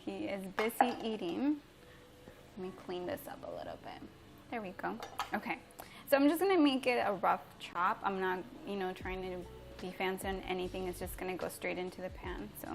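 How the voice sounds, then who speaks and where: A woman's voice: medium pitch, lively intonation, brisk, creaky, music in the background. A woman hosting a casual cooking livestream from her home kitchen, chatting with viewers and laughing often. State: teary from chopping onion.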